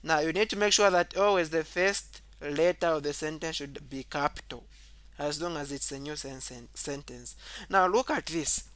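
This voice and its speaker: This is a man explaining grammar step by step at a normal speed, recorded dry. His habit of saying "okay" and restating key points stands out, as does the way he reads example sentences aloud more loudly and at a higher pitch.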